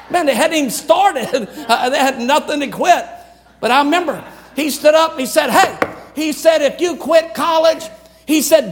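A man's voice: extremely high pitch, moderate pace. An older man from Louisiana preaching a sermon in an emphatic, repetitive cadence. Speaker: pastor.

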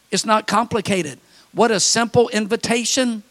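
An older man preaching a sermon, telling folksy stories and building to fervent, shouted appeals. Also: extremely high pitch, normal speed. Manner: fervent, rising to shouted calls; folksy storytelling with repeated phrases.

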